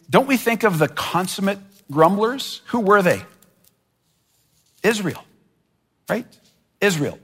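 A man delivers a sermon in a noticeably high voice, taking his time over each phrase. He speaks earnestly and now and then voices imagined complaints with mounting force. His words ring out with a long reverb, as in a large hall. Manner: earnest preaching, voicing imagined complaints with rising intensity. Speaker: pastor.

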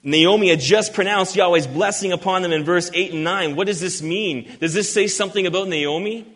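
A man's voice: high-pitched, a bit bright. Man preaching in a reverberant hall. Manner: earnest, emphatic, reads scripture slowly. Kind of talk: expository sermon.

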